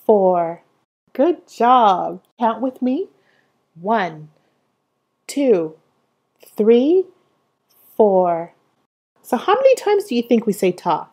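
A woman's voice: a little high, very animated, darkish tone. A young woman teaching a music lesson to small children, cheerful and encouraging, inviting them to say rhythms along with her. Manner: slow, cheerful sing-song teacher talk with call-and-response prompts.

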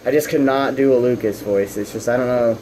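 A young man from the Southern US with a Texan accent, giving a rambling, halting update about his fish at home and often restarting his sentences. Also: medium pitch, fairly even intonation, a little mellow, slight background noise, rough recording. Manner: coos at his fish in a raised voice. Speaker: fish-keeping vlogger.

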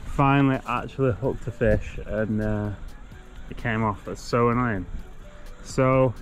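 Young male vlogger, laid-back and unhurried, mid-pitched, talks to himself while outdoors. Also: fairly even intonation, faint music behind. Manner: laid-back, swears mildly, mutters to himself. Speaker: fishing vlogger. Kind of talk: casual vlog commentary. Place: outdoors on a canal bank.

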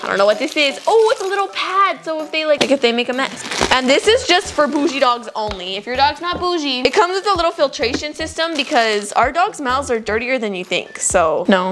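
A woman's voice: high voice, lively intonation, brisk, noisy background. A young woman vlogging casually, bubbly and chatty, squealing baby talk at her dog. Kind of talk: casual vlog chat.

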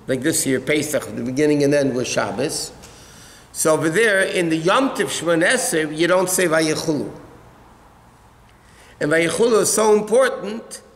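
In an echoing hall, a man who is a rabbi from the US gives a halacha lesson, talking through religious law casually and responding to listeners' questions. His voice is high and a bit bright.

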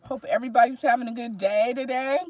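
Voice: mid-range voice, fairly even intonation, fast, a little mellow. A co-host of a food vlog chatting casually from inside a parked car, upbeat and praising each dish. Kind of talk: casual food-tasting chat.

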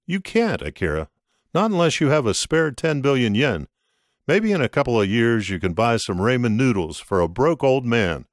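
A man voicing a wry, measured older Japanese business tycoon. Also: mid-range voice, very animated, no echo, studio quality, natural voice.

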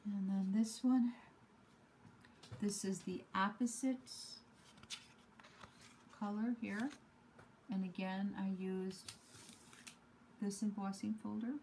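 Lady slowly showing off her handmade cards at her craft table, lowish voice, faint hiss behind. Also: steady tone, a little mellow, rough recording. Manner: unhurried, self-deprecating, many ums and uhs. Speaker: card-making hobby vlogger. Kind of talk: casual show-and-tell craft demo.

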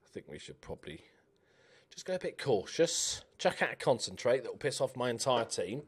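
A young man giving chatty, animated commentary while playing a game, cheering on his players. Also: medium pitch, brisk, husky. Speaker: gaming YouTuber. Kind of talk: casual let's-play commentary.

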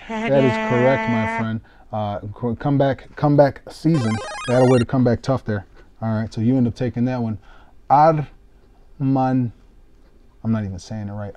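A young man casually commentating a live sports-card break, excitable and self-mocking, swearing freely. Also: mid-range voice, moderate pace.

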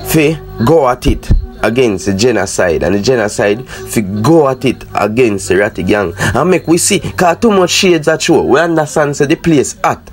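A man with a Jamaican accent chatting casually to his viewers as a dancehall news commentator, in animated patois. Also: medium pitch, moderate pace, faint music behind.

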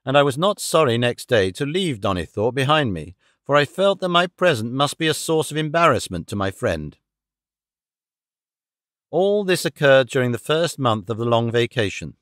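A man narrates a classic audiobook in a measured, formal way, steady and even. His voice sits in the middle range. The recording is dry and close, with no room sound. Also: mid-range voice, no room sound.

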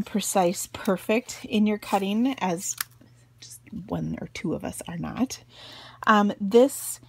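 A woman's voice: mid-range voice, no echo. A middle-aged woman hosting a casual crafting tutorial from her home craft room, chatty and giggly with self-deprecating asides. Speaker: craft video host.

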